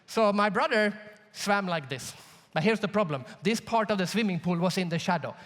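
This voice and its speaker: Lively man giving a keynote in a hall. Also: high-pitched, normal speed. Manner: animated, jokey, addresses audience directly. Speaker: keynote speaker. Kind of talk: storytelling conference keynote. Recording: large hall reverb.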